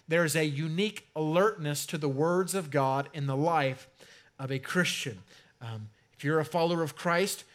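A male pastor with a slightly higher-than-usual voice, preaching in an easygoing, conversational way. He leans into key words, stretching and lifting them for emphasis. It sounds like a young adult speaking from the pulpit. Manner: conversational preaching with emphatic swells and drawn-out stresses. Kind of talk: sermon.

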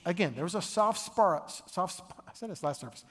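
Brief: male pastor, high voice, chatty animated sermon, reverberant church sound. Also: a little fast, few pauses, husky. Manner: conversational, animated storytelling.

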